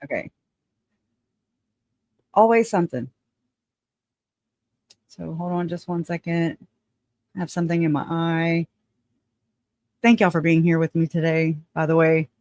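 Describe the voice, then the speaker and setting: A woman's voice: low voice, steady tone, measured pace, long pauses, a little mellow. Chatty woman live streaming. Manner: chatty, laughing often, addresses viewers as y'all. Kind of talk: casual live stream commentary.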